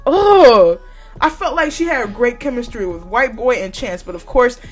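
A woman hosting a podcast, giving blunt, profane opinions in casual chat and often breaking into laughter. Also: medium pitch. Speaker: podcast host.

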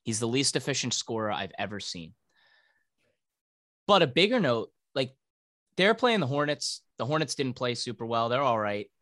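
A man's voice: mid-range voice, big pitch swings, normal speed, a bit bright, no room sound. A male podcast co-host ranting about sports in casual, profane talk.

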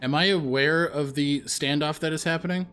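A man's voice: on the high side, fairly even intonation, normal speed, a bit bright, clear, resonant tone, faint music behind. A man playing a tabletop game, casual and joking, with frequent swearing. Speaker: player.

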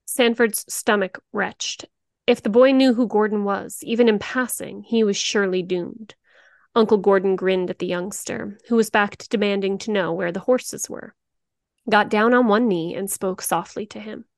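A woman co-hosting a true-crime podcast, reading the story in a steady, grim narration. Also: mid-range voice, normal speed, creaky, no room sound, clean studio sound. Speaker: podcast co-host.

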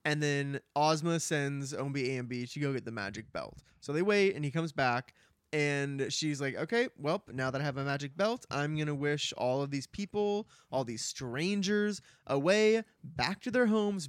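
A man co-hosting a casual podcast, recapping chapters in a relaxed, chatty way and laughing along, on a dry close mic. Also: fairly high pitch, normal speed, clean tone, no room sound. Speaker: podcast co-host. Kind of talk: casual book recap chat.

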